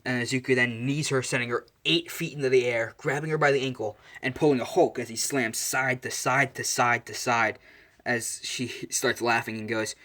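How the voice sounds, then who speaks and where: A man's voice: mid-range voice, fairly even intonation, brisk, pushed and bright. A man telling an improvised fan-fiction story, rambling with fillers and self-corrections.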